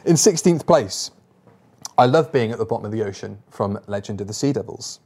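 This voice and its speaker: A man's voice: fairly low pitch, lively intonation, a little fast, darkish tone, breathy edge. A man co-hosting a casual podcast chat, reading out poll results and talking with stumbles and restarts. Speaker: podcast co-host.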